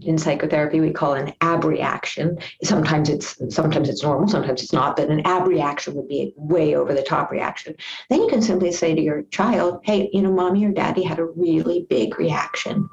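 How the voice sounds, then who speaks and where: A woman's voice: sits low, gravelly, lo-fi sound. A woman speaking as a parenting guest expert on a podcast, earnest and repeating her key points for emphasis. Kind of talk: podcast interview.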